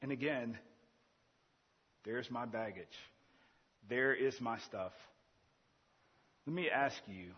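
A man in his thirties preaching a sermon, earnest, swinging between loud emphasis and quiet, intimate asides. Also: mid-range voice, slightly rough, big-room sound, dull audio. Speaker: pastor.

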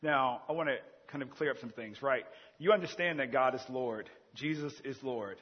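A man in his thirties preaching a sermon, earnest, swinging between loud emphasis and quiet, intimate asides. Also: medium pitch, normal speed, big-room sound, dull audio. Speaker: pastor.

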